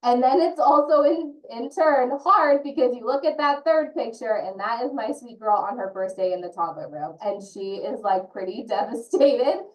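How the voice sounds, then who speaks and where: A woman's voice: on the high side, lively intonation, moderate pace, hardly any pauses. A woman who works as an early childhood consultant, speaking earnestly and personally as a parent in an online training session. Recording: roomy echo from a distant mic.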